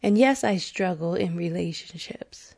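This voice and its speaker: Woman, 40s, podcast host, confessional monologue, unhurried, raspy fry, candid and profane. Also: lowish voice, expressive, a little mellow. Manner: earnest, candid, slow and deliberate; frank and profane, breaks into laughter.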